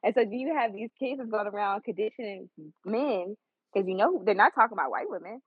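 A woman from Arkansas making earnest, measured points in a casual podcast debate, often hesitating and restarting. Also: mid-range voice, breathy edge, no room sound. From Arkansas, USA. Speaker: podcast co-host. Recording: tinny phone-like dry recording.

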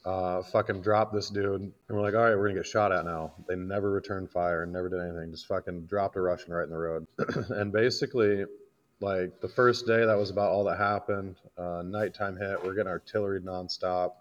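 A man's voice: deep voice, level tone, moderate pace, highs cut off. A man from Iowa, a combat veteran guest, bluntly telling a war story in casual, profane podcast talk. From Iowa, United States.

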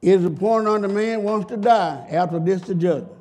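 Husky high-pitched preacher man. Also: brisk. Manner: preaching with sudden shouts and drops to a low murmur; acts out quoted voices in a high pitch. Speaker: pastor. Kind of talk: sermon.

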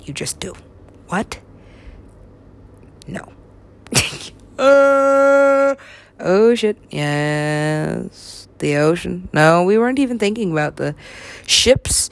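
A woman's voice: on the low side, animated, extremely slow, vocal fry, long pauses. A young woman rambling to herself in a loose, profane way, now and then dropping into a whisper. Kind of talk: rambling solo talk.

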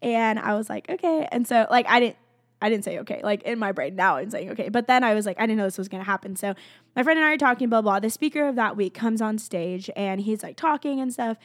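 A woman's voice: mid-range voice, fast talker, no room sound. A young woman, a college student, sharing a personal faith testimony in casual speech. She is earnest and heartfelt, often near tears, and says "like" constantly. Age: young adult. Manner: emotional, close to tears at times.

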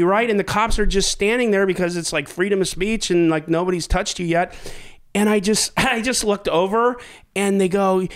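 With a high voice at a moderate pace, a man on his own podcast recounts a story in a relaxed chat. He gets animated and cusses freely, laughing along at what he's telling.

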